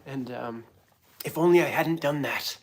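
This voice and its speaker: A man's voice: medium pitch, unhurried. A man from New York hosting a casual livestream, talking in a rambling, hyper, self-mocking way. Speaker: host.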